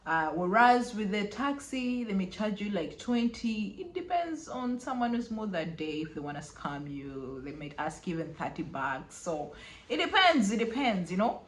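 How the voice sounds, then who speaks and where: A young woman chatting casually through a travel vlog, full of fillers and quick laughs. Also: mid-range voice, sing-song, a little hiss or hum. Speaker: travel vlogger. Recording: echoey room.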